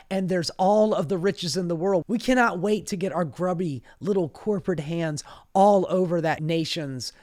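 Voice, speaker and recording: A political commentator delivering a sassy, profane, comedic rant in an animated way. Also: medium pitch.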